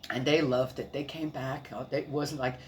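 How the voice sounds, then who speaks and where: A grandmother with a bass voice and fairly even intonation talks at normal speed, with a little hiss or hum in the audio. Chatting casually about family life, she tells rambling, warm stories full of laughs and repeated fillers.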